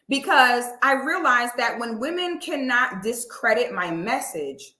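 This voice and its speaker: High, bright-voiced woman ranting profanely. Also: roomy sound. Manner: emphatic and profane, rants with rising intensity. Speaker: online commentator. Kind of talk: heated talk to camera.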